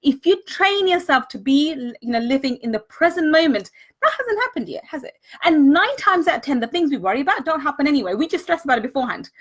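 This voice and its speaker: Woman, bright high voice, earnest live-stream coach, leans on repetition. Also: animated, quick pace, hardly any pauses. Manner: earnest, repeats words for emphasis; greets viewers and thanks them mid-talk. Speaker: money mindset coach.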